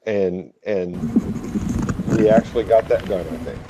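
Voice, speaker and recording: A man in casual podcast chat, relaxed and quick to laugh, sometimes arguing the other side. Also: on the low side, heavy background noise. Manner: relaxed, laughs easily, plays devil's advocate. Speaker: co-host.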